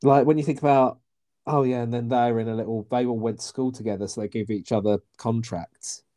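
A man co-hosting a podcast, with a mellow, warm tone. He is wry and teasing, and chats casually. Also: mid-range voice, steady tone, fairly quick. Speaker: podcast co-host. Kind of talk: casual chat.

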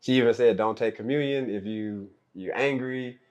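A young man in casual family conversation, telling a story with animated quotes of what others said. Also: medium pitch, normal speed. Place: small room. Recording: roomy echo.

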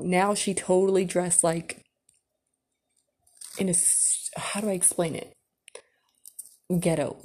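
A woman's voice: fairly low pitch, dark tone. A young woman, casually telling a personal story on her podcast, full of fillers and swearing. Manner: chatty, lots of fillers and swearing. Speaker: podcast host.

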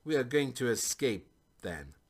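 A man's voice: mid-range voice, big pitch swings, a little slow. A man voicing an eccentric, carefree stranger who teases and swings his voice widely.

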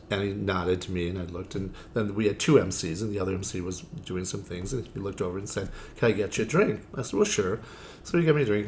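A man's voice: fairly low pitch, a little hiss or hum. A man who performs as a drag queen, telling stories in a casual interview. He talks in a chatty, theatrical way, leans on "you know" fillers and acts out the lines of the people in his stories.

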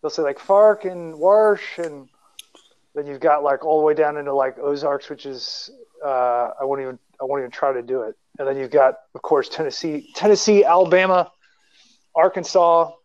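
A man's voice: medium pitch, level tone, a little fast, a little mellow, dull audio. A man from Missouri co-hosting a casual podcast, enthusiastic and rambling. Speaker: podcast co-host.

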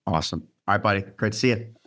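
A man's voice: fairly low pitch, racing, very noisy. A man co-hosting a podcast in casual chat, with laid-back, enthusiastic reactions. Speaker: podcast co-host.

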